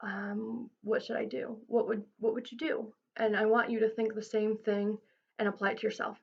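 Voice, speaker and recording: A woman's voice: mid-range voice, flat delivery, brisk, dull audio. A woman giving informal mental health advice to camera, earnest and reassuring, with frequent ums and restarts.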